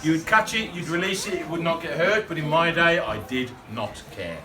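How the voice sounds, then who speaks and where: A man playing a shopkeeper guide, leading a school group in a playful call-and-response talk, teasing and often shouting. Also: on the high side, expressive, normal speed. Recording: roomy, distant mic, loud crowd of children.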